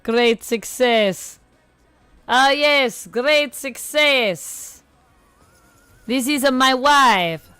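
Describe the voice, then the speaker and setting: A woman doing an impression of a boisterous foreign male comedy character, loud and exaggerated. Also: sits high, extremely slow, pauses often, clear, resonant tone, no echo, faint music behind, pitched above the performer's own voice, exaggerated voice.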